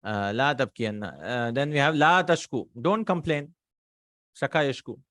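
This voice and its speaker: A man's voice: medium pitch, expressive, normal speed, a bit bright, dry recording, studio quality. A man teaching Arabic grammar, working through exercises and repeating each word form aloud. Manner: patient, drills words aloud, asks and answers himself.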